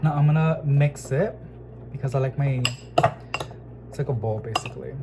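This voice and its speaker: Chatty excitable man vlogging at home. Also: fairly high pitch, moderate pace, long pauses, heavy background noise. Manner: chatty, excitable, addresses viewers as y'all. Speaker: plant vlogger. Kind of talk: casual chatty vlog. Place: home kitchen. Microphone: phone camera.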